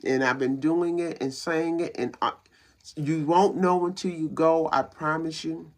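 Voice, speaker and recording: A woman's voice: low voice, steady tone, measured pace. A woman giving a motivational talk laced with scripture. She preaches in a repetitive style and often stumbles and repeats words. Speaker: motivational speaker and show founder.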